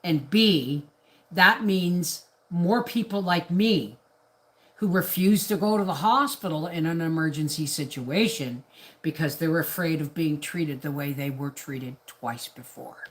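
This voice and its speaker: Middle-aged homestead vlogger, woman, slightly low pitch, rambling indignant rant on a live stream. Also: measured pace. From Canada. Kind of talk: casual ranting monologue.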